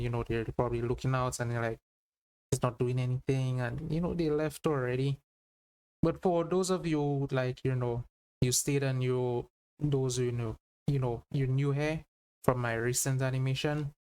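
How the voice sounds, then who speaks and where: A man talks casually to his viewers, rambling along and leaning on fillers as he goes. Soft music sits faintly behind him. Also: mid-range voice, smooth. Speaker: YouTuber. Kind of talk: casual video intro chat.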